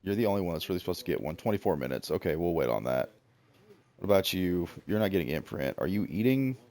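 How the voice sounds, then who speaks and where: A man's voice: sits low, expressive, quick pace, a little mellow. A man with a Southern American accent, in his thirties, casually talking through a game on stream, rambling, joking about himself and chatting to the animals on screen. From Southern United States. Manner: rambling, self-mocking, chats to the game animals. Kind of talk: casual gameplay commentary.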